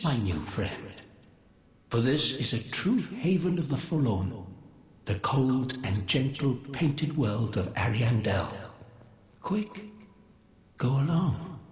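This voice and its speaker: An actor voicing an eerie, welcoming forlorn creature in game dialogue, soothing and coaxing. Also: male voice, mid-range voice. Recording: roomy echo with long reverb.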